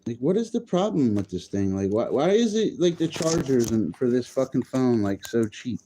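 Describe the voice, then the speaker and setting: A man's voice: medium pitch, big pitch swings, moderate pace, mellow, a little hiss or hum. Cursing, rambling male streamer. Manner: profane, rambling, easily frustrated. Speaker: live streamer. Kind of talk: casual livestream chat.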